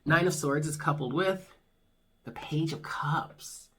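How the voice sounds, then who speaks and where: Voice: medium pitch, slow pace, heavy background noise. A tarot reader giving a casual monthly reading, talking frankly, swearing freely and reassuring the listener. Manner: laughs at own jokes.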